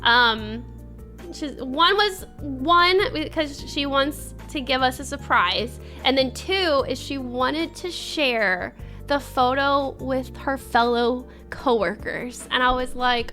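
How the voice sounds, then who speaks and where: Young female streamer, casual chat and giggly storytelling, a bright voice with faint music behind it. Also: sits high, a little slow. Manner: reads chat and thanks viewers.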